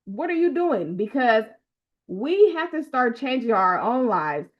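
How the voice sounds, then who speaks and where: A woman's voice: fairly high pitch, big pitch swings, unhurried. Emotional Black woman coach on a muffled stream. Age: 30s. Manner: emotional, repetitive exhortations to the audience. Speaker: motivational coach hosting a live book launch. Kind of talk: live-stream talk to viewers. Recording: lo-fi stream audio.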